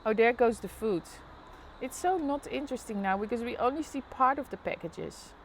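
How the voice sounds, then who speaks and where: A woman's voice: fairly high pitch, lively intonation, normal speed, a little hiss or hum. A woman with a Dutch accent chatting casually on a live stream, narrating the street below her apartment window. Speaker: live vlogger.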